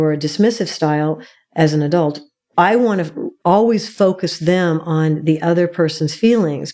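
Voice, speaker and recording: A woman's voice: lowish voice, mellow. A woman therapist, a guest on an interview show, explaining emphatically and like a teacher, often checking in with "all right".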